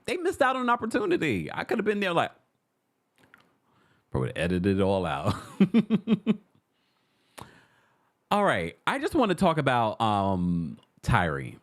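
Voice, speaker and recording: A man hosting a casual pop culture gossip show, animated and sassy, laughing often as he comments. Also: medium pitch, measured pace, pauses often.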